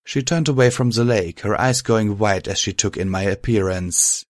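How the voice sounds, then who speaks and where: A man narrating a first-person story in a calm, even manner. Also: fairly low pitch, moderate pace, dry recording, clean studio sound.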